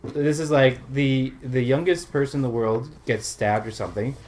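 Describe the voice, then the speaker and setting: A man with a Canadian accent at a mid pitch, talking through a video game as he plays. He is chatty and laughs easily, and he gushes about films. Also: moderate pace, a little mellow. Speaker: player and co-host. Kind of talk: casual let's-play commentary.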